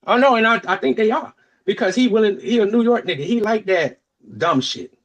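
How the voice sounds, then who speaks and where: Animated, profane man from Florida. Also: a little fast. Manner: animated, profane, swings between loud outbursts and low asides. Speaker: podcast co-host. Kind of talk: casual storytelling chat.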